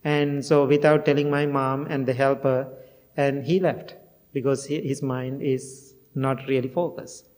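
Monk giving a talk in an echoing hall. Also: male voice, mid-range voice, steady tone, unhurried, a little mellow. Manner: storytelling, plain heartfelt phrasing, laughs at himself. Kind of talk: dharma talk to a temple audience. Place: temple meditation hall. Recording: long hall reverb.

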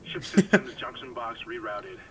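A man voicing a calm ship computer announcing system status in a game. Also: lowish voice, normal speed, a little hiss or hum, rough recording. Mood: flat.

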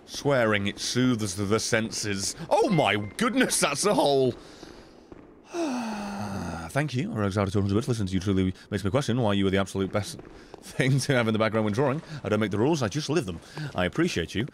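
A young man streaming live gameplay, swearing constantly, thanking donors and breaking into loud shouts. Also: on the low side, sing-song, fairly quick, slight background noise. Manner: thanks chat donors between fights.

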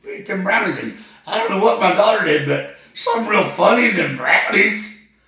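A man playing a frantic, panicked caller, pleading and shouting on a prank call. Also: high voice, animated, fairly quick, creaky, heavily acted. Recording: very echoey room.

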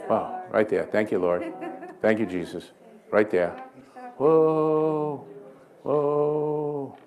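A man's voice: medium pitch, steady tone, extremely slow, darkish tone. A man preaching at a church healing service, mixing folksy stories and jokes with short prayers. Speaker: guest healing evangelist. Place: church sanctuary.

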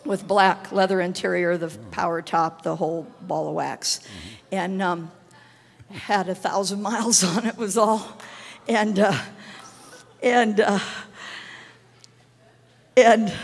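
A middle-aged woman evangelist telling a testimony in a sermon, acting out the dialogue and swinging from hushed tones to shouting. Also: medium pitch, a little slow. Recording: long hall reverb.

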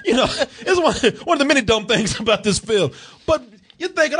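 Male movie critic, excitable, lively pitch swings, swears and cracks up a lot. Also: moderate pace. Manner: profane, animated, laughs often, acts out characters. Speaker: film reviewer. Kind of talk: casual comedic movie review chat.

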